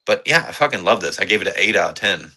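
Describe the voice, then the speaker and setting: A lowish-voiced man co-hosts a podcast, reviewing movies in loose, excitable chat at a quick pace. His tone is sharp and forceful, and he swears and rambles with plenty of fillers.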